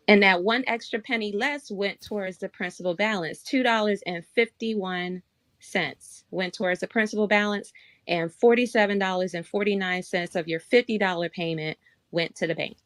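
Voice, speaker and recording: A woman appearing as a finance guest, calmly walking through how loan interest is calculated, step by step. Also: medium pitch, normal speed. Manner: calm, steady explainer.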